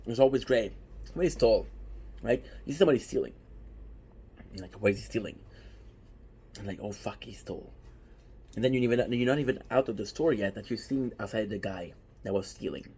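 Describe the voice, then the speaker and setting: A man talking casually and with energy, his voice a little husky and grainy. He keeps stressing his points and asking rhetorical questions as he speaks straight to his audience. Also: medium pitch, fast. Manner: animated, emphatic, with repeated rhetorical questions. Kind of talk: casual anime talk to viewers.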